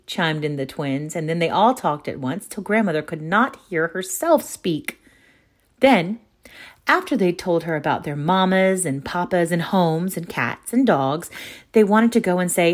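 A woman reading a children's story aloud, lively and acting out the characters with high voices. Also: moderate pace.

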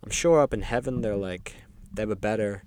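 A man delivering a rambling, deadpan comedic monologue as a resident of hell, full of ums and offhand asides. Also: lowish voice, fairly quick, a little hiss or hum. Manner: rambling, deadpan, filler-heavy with frequent ums. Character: resident of hell describing its games. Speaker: comedic podcast host.

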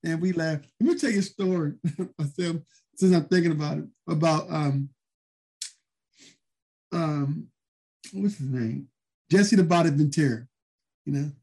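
A man's voice: on the high side, measured pace, pauses often, darkish tone, husky. A man, a former wrestler, telling stories casually in an interview, rambling with many fillers.

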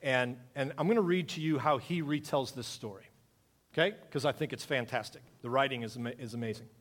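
A man's voice: mid-range voice, brisk, fairly bright tone, in a large hall. A man preaching a conversational sermon, reading scripture and asking his congregation questions. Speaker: pastor.

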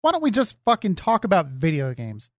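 A man's voice: high voice, huge pitch swings, a little fast, no echo, clean studio sound. A man streamer talking casually, mocking and profane. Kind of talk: casual podcast chat.

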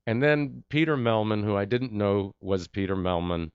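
Speaking at normal speed in a fairly low, clean voice, a male actor shares a story in an interview, performing the lines of its characters with animation. The recording is dry with the highs cut off.

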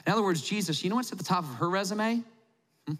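A man's voice: high voice, lively intonation, fairly quick, sharp tone. A man voicing a smug, self-important Pharisee host who talks in a pushy, chummy way. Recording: long hall reverb.

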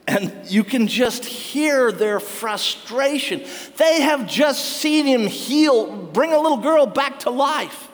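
A man preaching a sermon, telling stories with wry humor and frequent laughter. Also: very high-pitched. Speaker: pastor. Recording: long hall reverb.

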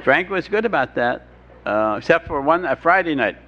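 A man's voice: on the high side, animated, moderate pace. Older guy telling a story with dry jokes, muffled old tape, faint hiss in the back. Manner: dry humor, restarts, quotes others in voices. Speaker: speaker sharing his recovery story. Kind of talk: storytelling talk to an audience. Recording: dull lo-fi talk recording with faint hiss.

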